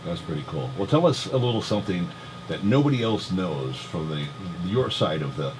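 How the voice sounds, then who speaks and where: Joking morning radio host. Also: male voice, low-pitched, big pitch swings, moderate pace, background noise. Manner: jokey, teasing, chatty. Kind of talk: morning radio phone chat. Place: radio studio.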